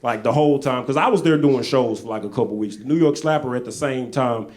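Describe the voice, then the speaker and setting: Guy doing standup, middle-pitched voice, goes loud then drops low for asides, live stage mic. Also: fast. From Arkansas. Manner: loose storytelling, swings between loud bursts and low asides. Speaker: stand-up comedian. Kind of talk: stand-up comedy set.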